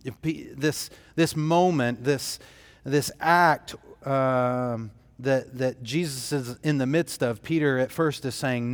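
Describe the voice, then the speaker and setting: A man's voice: medium pitch, slow, long reverb tail. A man preaching a sermon as pastor, telling the story in an earnest, emphatic way.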